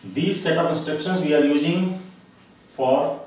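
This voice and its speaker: A man delivers a recorded lecture slowly and deliberately, pausing often and filling gaps with hesitations. His voice sits fairly high. The recording is very echoey, with the speaker well away from the mic and faint noise underneath. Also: a little mellow. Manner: slow, deliberate explaining with frequent pauses and uh fillers. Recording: very echoey room, voice from a distance, faint background noise.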